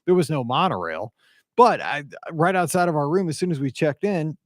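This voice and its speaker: A man's voice: on the high side, normal speed, no echo. Middle-aged man, from the Midwest, podcast host, rambling storyteller, dry close sound. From American Midwest. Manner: rambling, animated storyteller with asides and quoted dialogue. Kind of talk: casual storytelling monologue.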